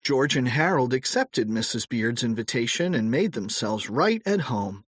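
A man's voice: medium pitch, animated, normal speed, breathy edge, dry recording, studio quality. A man narrating a children's audiobook with playful storytelling.

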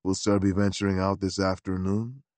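A man reading a story, voicing a formal, deferential manservant in a low, measured tone. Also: no room sound, natural voice. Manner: measured, polite, low and even.

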